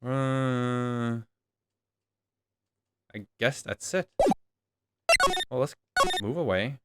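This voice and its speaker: A man casually reading a detective game's dialogue aloud in a wry, relaxed playthrough. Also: medium pitch, extremely slow, slight background noise. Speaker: game streamer reading all characters. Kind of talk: game playthrough voicing the text. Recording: voice over loud game music.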